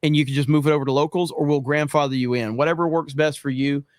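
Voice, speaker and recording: Male streamer reading super chats, joking and fed up, raised pitch, dry mic. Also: steady tone, fast, no echo. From United States. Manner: profane, exasperated, joking. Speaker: livestream host. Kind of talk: casual livestream chat reading super chats.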